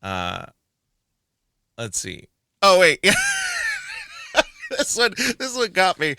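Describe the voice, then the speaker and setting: Bright, animated man reviewing movies. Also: high voice, very slow, creaky, long pauses, clean tone, no echo. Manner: animated, laughs often, acts out movie quotes. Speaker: podcast co-host. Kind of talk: casual movie review chat.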